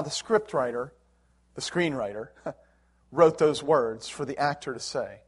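A middle-aged man preaching a sermon in an earnest, emotional way, with swells of emphasis. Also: fairly high pitch. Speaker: pastor.

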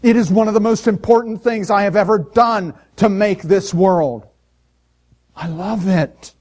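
A man's voice: sits high, measured pace, darkish tone, voice pushed up. A man voicing God as a loving, tender deity, speaking fervently in a sermon. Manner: fervent, pleading.

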